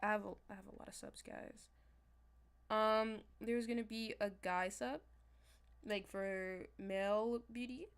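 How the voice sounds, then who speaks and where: A young woman chatting casually on a livestream as a manifestation coach, talking straight to her viewers in a loose, animated way. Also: mid-range voice, measured pace, clear, resonant tone. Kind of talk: casual livestream talk to chat.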